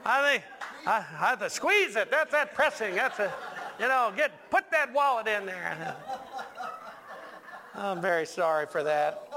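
A man's voice: high voice, sing-song, unhurried, long pauses, bright, forceful tone. A male pastor preaching a sermon in a church, joking with the congregation and stressing lines with emphatic repetition.

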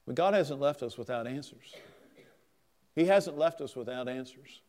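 A man's voice: mid-range voice, animated, moderate pace, long pauses, a little mellow. A man preaching a sermon as pastor, earnest and emphatic, his volume swelling and dropping.

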